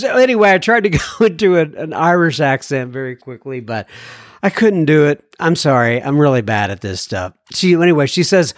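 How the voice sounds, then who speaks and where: A man's voice: on the high side, animated, a little fast, dry recording, clean studio sound. A man hosting a podcast, reading listener mail in a casual, jokey way and laughing at his own jokes. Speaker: podcast host.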